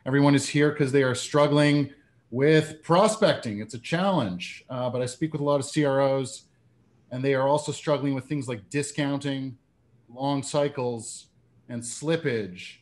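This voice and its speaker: A man's voice: mid-range voice, a little slow. A man from Canada, a comedian and sales speaker, giving a conference talk with a polished, joke-telling delivery.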